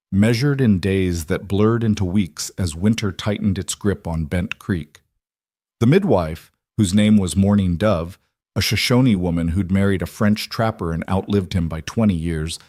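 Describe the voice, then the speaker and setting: Man with a lowish steady narrating voice. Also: no room sound, clean studio sound. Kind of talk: scripted narration.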